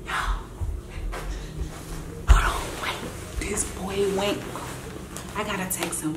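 A young woman vlogging after pulling a prank, cussing and giggling, moving between whispers and excited boasting. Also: mid-range voice, takes it slowly, long pauses, roomy sound, slight background noise. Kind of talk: casual vlog chat. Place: indoors at home.

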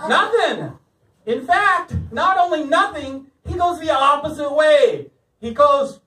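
A man's voice: very high voice, lively intonation, a little slow, bright, forceful tone. A man telling a stand-up comedy story at an open mic, often laughing through his lines. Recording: echoey room, mic at a distance, faint noise.

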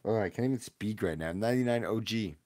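A young man hosting a casual livestream from his room at home, chatting in relaxed slang and jumping from quiet mumbles to sudden loud yells. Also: fairly low pitch, fast. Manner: laid-back slangy banter with chat. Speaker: livestream host opening card packs.

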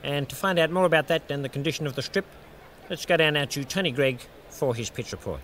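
A man doing a comedy impression of a dry, measured veteran male cricket commentator with an Australian accent. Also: on the high side, noisy background, close to an everyday voice.

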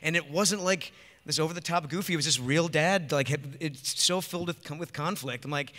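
A man in his forties from Rhode Island talks on a panel, eager and animated. His voice sits a little high and sounds bright. The hall adds a long reverb. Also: brisk. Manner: enthusiastic, animated storyteller. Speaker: voice actor panel guest. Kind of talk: convention panel chat.

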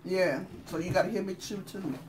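A woman's voice: on the low side, moderate pace, a little mellow, slight background noise. A woman with a Southern US accent chatting casually as she eats on camera, talking through bites and laughing often. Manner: chatty, laughing, talks while chewing. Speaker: mukbang channel host. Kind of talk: casual chat while eating.

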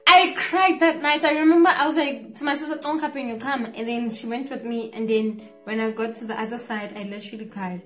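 A young woman with a South African accent chats through a storytime, her high voice animated and full of acted-out quotes. She slips Zulu phrases into her English. The room is echoey, and soft music plays underneath. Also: a little fast, hardly any pauses. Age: young adult. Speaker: vlogger telling a story. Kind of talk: casual storytime chat with a friend.

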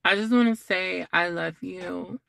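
Woman guest on a stream, slow and rambly, bright tone, kinda gravelly. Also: lowish voice. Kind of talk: casual livestream chat.

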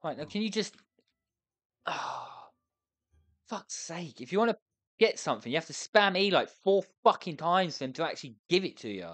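A woman's voice: lowish voice, animated, moderate pace, pauses often, no echo. A woman commentating her own gameplay as a let's play, stressed and flustered, ranting and swearing at the game in exasperation. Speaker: gamer playing a restaurant sim.

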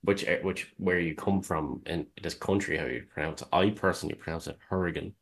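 Deep-voiced Irish man, easygoing podcast chat. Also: a little fast, a bit bright, breathy edge. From Ireland. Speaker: podcast co-host.

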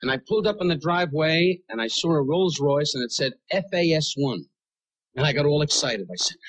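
A man doing a roast on stage, with brash, rapid-fire insult humor and sudden shouted punchlines. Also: fairly high pitch, lively intonation, husky, poor audio. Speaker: roast comedian. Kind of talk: stand-up roast routine.

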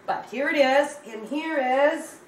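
A Canadian crochet vlogger chats casually to the camera from a warm room at home, rambling and addressing her viewers as "guys." Her voice is high-pitched and she speaks slowly. The room sounds echoey, with a slight hiss or hum.

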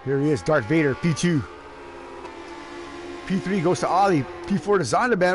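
남자 심레이싱 해설자, 들뜨고 농담 많은 말투, 약간 높은 목소리, 잡음이 뚜렷한 녹음. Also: male voice, a little high, normal speed, long pauses. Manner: excitable, joking, laughs often. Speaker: race commentator. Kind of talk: casual sim racing commentary. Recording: noisy background.

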